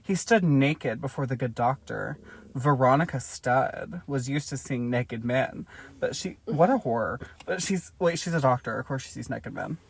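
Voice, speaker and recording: A woman's voice: extremely low pitch, normal speed, vocal fry, husky. Crude, joking woman host reading aloud. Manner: swears freely, breaks off reading to joke. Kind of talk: casual comedic reading and chat.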